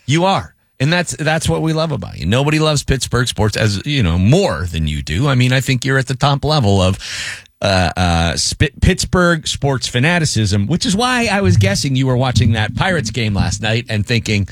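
Sports talk host guy, wry and animated, lively pitch, dry mic. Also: dry recording. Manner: animated, wry, quick with jokes.

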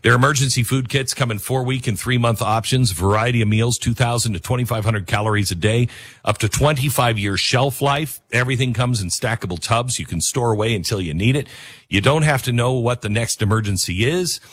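A man's voice: mid-range voice, a little fast, fairly bright tone, breathy edge, no echo, studio quality. A man hosting a radio talk show, reading live ads and ranting in a rambling, self-mocking way.

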